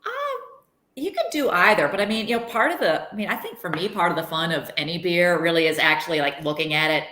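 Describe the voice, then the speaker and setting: Low-voiced woman brewer in a roomy space. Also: animated, fast talker, pushed and bright. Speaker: head brewer guest. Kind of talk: casual interview chat. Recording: roomy video call audio.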